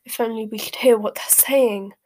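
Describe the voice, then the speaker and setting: An anxious, clever teenage witch, read by a woman who whispers nervously and sits a little higher than the narration around her. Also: fairly even intonation, moderate pace, warm tone, close to an everyday voice.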